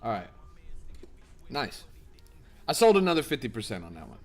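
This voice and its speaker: A young man live-streaming his trading to chat, excitable and profane, bursting into loud shouts. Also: medium pitch, moderate pace, pauses often, faint music behind. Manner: profane, blunt banter with chat.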